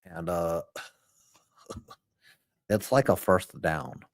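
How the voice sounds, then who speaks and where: A man voicing a dim-witted cartoon teenage boy in a low, slow, drawling slacker voice. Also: vocal fry, dry recording, clean studio sound, exaggerated voice. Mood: dopey.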